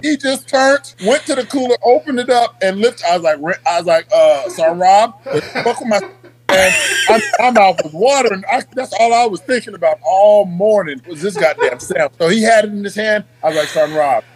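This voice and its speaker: A man's voice: high voice, lively intonation, fairly quick, poor audio. A middle-aged man and Army veteran, telling profane stories in casual chat and laughing as he goes. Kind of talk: casual storytelling.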